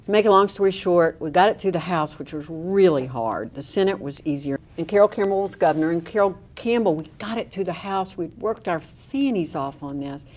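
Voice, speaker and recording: A middle-aged woman with a drawl and a somewhat low-set voice tells a story in an interview. She recounts it with animation and dry humor. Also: lively intonation, fairly quick, few pauses, a little mellow.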